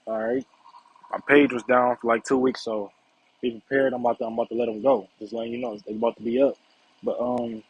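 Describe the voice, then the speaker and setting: A man's voice: mid-range voice, a little mellow, breathy edge. A man giving a casual Bible lesson in a conversational way, often checking in with "right?" and "all right". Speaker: Bible teacher. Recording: dull lo-fi recording.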